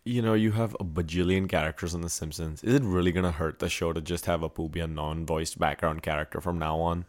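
A man's voice: sits low, fast talker, hardly any pauses. A man from India co-hosting a podcast, chatting casually and playfully. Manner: animated, playful with points game. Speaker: podcast co-host. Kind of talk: casual chat.

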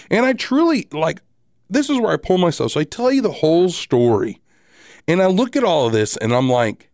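A man hosting a podcast, telling a story in a casual, animated, profane and wry way. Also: a little high, normal speed, no echo, studio quality. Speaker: podcast host.

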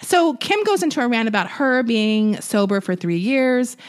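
A woman chatting casually as a co-host, her voice sitting a bit high and swinging widely in pitch. She tells the story with plenty of laughs and the odd swear word. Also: expressive, normal speed. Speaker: podcast co-host recapping reality TV. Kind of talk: casual chat.

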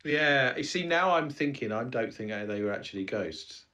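A man, a comedy podcast co-host speaking in casual chat with deadpan, earnest asides. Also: medium pitch, moderate pace.

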